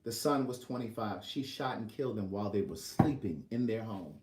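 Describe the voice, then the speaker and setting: A man's voice: lowish voice, animated, fairly quick, a little mellow, far from the mic. Rambling storyteller man in an echoey room. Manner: rambling, repeats and restarts phrases. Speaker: author and vlogger. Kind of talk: casual storytelling to camera.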